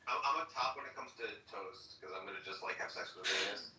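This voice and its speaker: A man trading crude jokes in casual voice chat, teasing and deadpan. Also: low-pitched, fast, slight background noise. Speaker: voice chat participant. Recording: roomy and distant.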